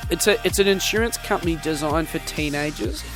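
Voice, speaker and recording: A man's voice: fairly high pitch, brisk, music in the background. A man hosting a casual chat, jokey and prodding his guest with questions. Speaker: host.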